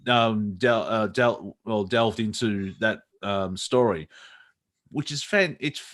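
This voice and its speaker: Rambling Australian man, low voice. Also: takes it slowly, fairly bright tone. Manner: rambling, many fillers and restarts, laughs often. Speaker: comedy show co-host. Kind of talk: casual comedic chat.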